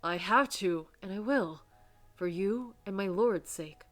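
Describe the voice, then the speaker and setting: A woman's voice: mid-range voice, measured pace, faint music behind, close to an everyday voice. A woman voicing a wounded giant male guard who is loyal and protective, speaking earnestly and resolutely.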